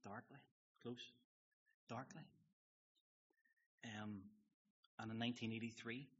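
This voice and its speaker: Husky man preaching. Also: mid-range voice, fairly even intonation, slow pace, highs cut off. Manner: earnest, confessional, asks the congregation questions. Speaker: pastor. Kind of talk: sermon.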